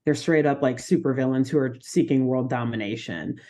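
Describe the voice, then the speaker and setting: A woman co-hosting a podcast, recapping a cartoon episode in an animated, laughing chat. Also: rumbling low. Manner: animated, laughing, quick asides. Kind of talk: casual chat.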